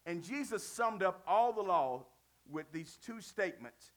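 A man preaching a sermon in a lively, conversational way, asking the congregation questions and using slang. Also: high-pitched, moderate pace.

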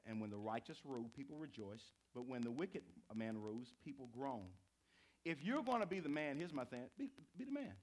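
A man preaching a sermon to a live congregation, telling stories with big swings from quiet to shouting. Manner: animated storytelling, swinging from low to shouted. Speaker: pastor.

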